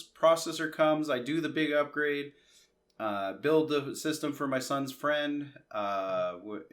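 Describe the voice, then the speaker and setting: A man from Canada rambles through a customer service story in an easygoing, conversational way. He slips into the other people's words as he quotes them and restarts his sentences often. His voice sits at an ordinary middle pitch. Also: fairly bright tone. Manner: chatty, re-enacts conversations in quoted asides, frequent restarts. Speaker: tech vlogger.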